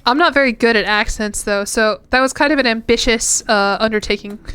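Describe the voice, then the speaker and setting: A woman's voice: on the high side, a little fast, a bit bright, a little hiss or hum. A young woman streamer chatting casually while gaming, rambling and self-deprecating.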